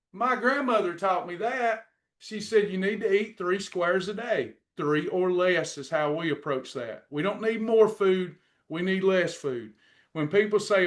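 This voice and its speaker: A middle-aged man teaching a faith-based weight-loss lesson, preachy and repetitive as he encourages his class. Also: high-pitched. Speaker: weight-loss program coach.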